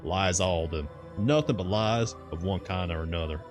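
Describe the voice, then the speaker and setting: A man's voice: deep voice, normal speed, music in the background, lightly acted. A man voicing a garrulous old seaside sailor who grumbles in a thick rustic dialect. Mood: scornful. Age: older.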